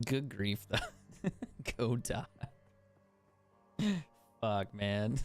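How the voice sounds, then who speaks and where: A man's voice: medium pitch, slow pace, pauses often, smooth, faint music behind. A young man chatting casually as a game streamer, swearing freely and laughing often. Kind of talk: casual gaming stream commentary.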